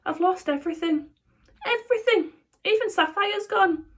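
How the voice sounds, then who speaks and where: Overwrought soft-hearted dad, put on by a woman reader, pitched way up, dramatic storybook voice. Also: sing-song, a little slow. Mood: emotional. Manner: gushing, overwrought. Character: emotional middle-aged father, soft-hearted and dramatic.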